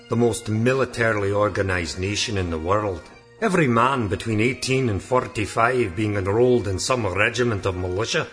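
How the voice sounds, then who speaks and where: A man reading his voice demo, with punchy commercial announcing and a steady narration. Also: medium pitch. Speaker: voice actor demo reel.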